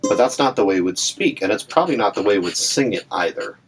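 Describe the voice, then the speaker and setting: Low-voiced guy teaching ukulele, easygoing and rambly, soft uke plucks in the background. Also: fast, music in the background. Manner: relaxed, chatty, with fillers and asides. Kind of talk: casual instructional talk. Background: ukulele playing between phrases.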